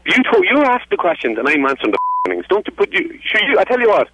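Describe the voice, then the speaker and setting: A man's voice: huge pitch swings, quick pace. A man with an Irish accent, exasperated and swearing, on a phone call from a car park. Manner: exasperated and swearing, pitch leaping when he shouts. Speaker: prank call victim. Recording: noisy phone line.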